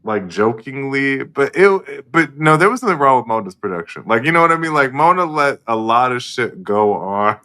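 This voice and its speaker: Bright, lively man with wry asides. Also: mid-range voice. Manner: wry one-liners and quick asides. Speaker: podcast co-host. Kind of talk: casual chat.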